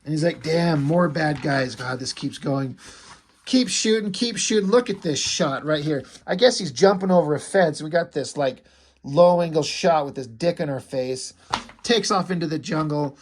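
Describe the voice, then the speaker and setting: A man's voice: on the high side, moderate pace, slight background noise. A man reviewing a comic in a casual, profane rant, mocking what he reads. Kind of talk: casual ranting commentary.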